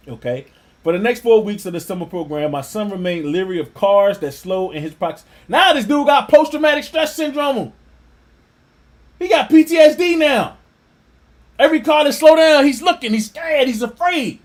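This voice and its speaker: Man reading an article then going off on it preacher style, high voice, all over the place. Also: normal speed. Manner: animated, scornful asides with laughter. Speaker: religious teacher. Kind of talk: reading an article aloud with religious commentary.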